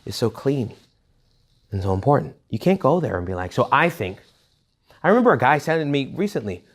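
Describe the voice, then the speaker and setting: A man, a Catholic priest, giving a retreat talk to young adults in a blunt, jokey, animated way. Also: medium pitch, brisk. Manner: animated, jokey, acts out quoted voices; blunt and emphatic.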